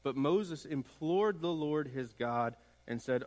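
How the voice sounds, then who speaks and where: A man's voice: a little high, animated, takes it slowly, few pauses, darkish tone. A man preaching a sermon as pastor, building emphasis through repeated phrases. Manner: preaching with rising emphatic repetition. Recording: long hall reverb.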